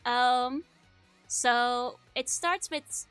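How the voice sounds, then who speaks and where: Casting: giggly woman streamer, high bright voice, faint music behind. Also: animated, a little slow, long pauses. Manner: giggly, laughs often, many fillers. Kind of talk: casual chat reading a childhood comic.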